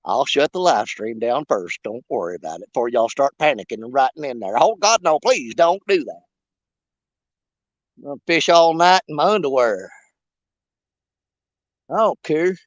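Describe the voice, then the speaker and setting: A man's voice: medium pitch, lively intonation, moderate pace, dry recording, muffled recording. A man chatting on a fishing livestream from a riverbank, joking and rambling in a folksy way. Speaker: fishing vlogger. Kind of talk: casual livestream chat. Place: outdoors on a riverbank.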